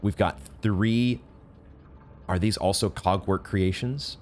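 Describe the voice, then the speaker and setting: A young man giving emotional live commentary on a video game, exclaiming often and reading game text aloud slowly. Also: on the low side, steady tone, slight background noise. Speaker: let's play gamer. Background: game music.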